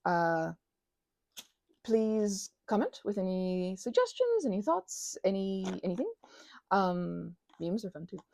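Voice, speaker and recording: A woman rambling casually as she presses flowers, often interrupting herself, giggling and dropping into soft whispers. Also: mid-range voice, big pitch swings, slow pace, creaky, dry recording, studio quality. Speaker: channel host.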